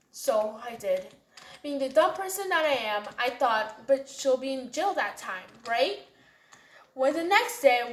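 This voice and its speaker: A woman's voice: high voice, fairly bright tone. A woman narrating a storytime in a chatty, casual way. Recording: roomy echo.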